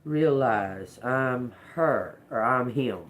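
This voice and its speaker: Her pitch is extremely low as she does a live-stream tarot reading, slowly musing and repeating words while reading them out. The woman is casual, given to cursing and laughing along with viewers.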